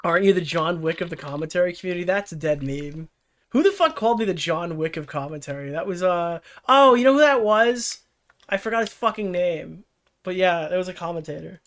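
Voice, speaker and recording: Here a young man with a high, slightly bright voice talks briskly. Hosting a casual stream as a commentator, he answers chat in a rambling, profane way, often laughing and slipping into impressions that mock others.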